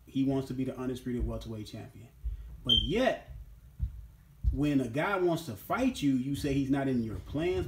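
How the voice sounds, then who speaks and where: A man's voice: mid-range voice, a little mellow. A man hosting a casual boxing opinion monologue, talking emphatically and repeating his points. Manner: emphatic and repetitive, keeps asking "you know what I'm saying". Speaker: boxing commentary host. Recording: roomy echo.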